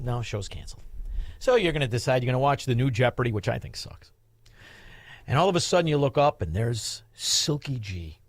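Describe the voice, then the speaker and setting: A man's voice: mid-range voice, no echo, clean studio sound. A man hosting a talk radio show, brash and mocking as he banters with callers.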